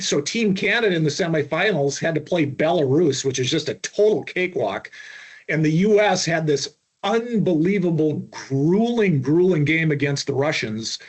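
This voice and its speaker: A middle-aged man from Minnesota, a podcast guest telling long stories with lots of restarts and fillers. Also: fairly high pitch. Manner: rambling anecdotes with many restarts and fillers. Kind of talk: storytelling interview.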